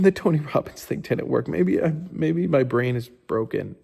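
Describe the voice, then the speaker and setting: A man's voice: mid-range voice, animated, normal speed, creaky, mellow, big-room sound. A man in a casual motivational storytelling style, candid and informal, who swears often and says "like" a lot. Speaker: motivational speaker.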